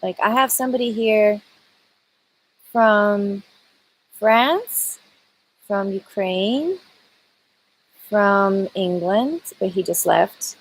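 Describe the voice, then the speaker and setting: A woman's voice: medium pitch, slow, long pauses, low-quality recording. A woman singer chatting casually with viewers on a live stream, greeting them by name and talking with lots of fillers. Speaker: singer hosting a live chat.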